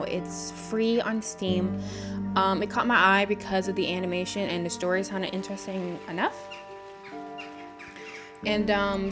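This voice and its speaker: A tired woman streamer chatting casually on a live stream, rambling with lots of fillers. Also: lowish voice. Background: background music.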